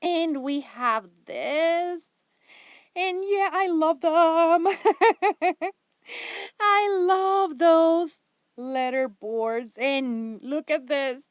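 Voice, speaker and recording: A woman's voice: very high-pitched, extremely slow, long pauses, dry recording, studio quality. A woman hosting a craft haul vlog, gushing and giggling with enthusiasm over each item. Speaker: craft channel host.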